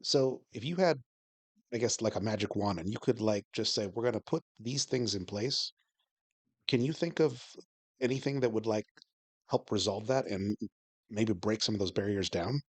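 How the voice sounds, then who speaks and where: A man's voice: on the low side, moderate pace, husky. A man hosting a podcast, asking a guest a hypothetical question. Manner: brief encouraging backchannels. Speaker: podcast host.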